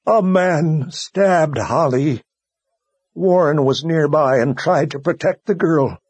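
Audiobook role: male narrator doing a distraught, choked-up man, pitched high and loud. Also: takes it slowly, husky, dry recording. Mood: anguished. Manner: choked with emotion, pleading. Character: grief-choked loyal man, fighter. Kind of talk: audiobook character voice.

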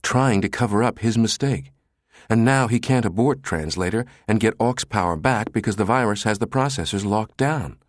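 A man voicing a pushy, fierce middle-aged woman analyst, talking in an insistent, sharp, clipped way. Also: on the low side, moderate pace, no room sound, voice pushed up, natural voice.

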